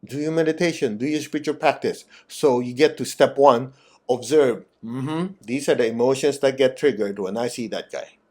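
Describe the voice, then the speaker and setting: A man giving a spiritual talk and guided meditation, direct and animated, asking his listeners teasing questions. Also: medium pitch, normal speed. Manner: animated, acts out quoted voices. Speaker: meditation teacher.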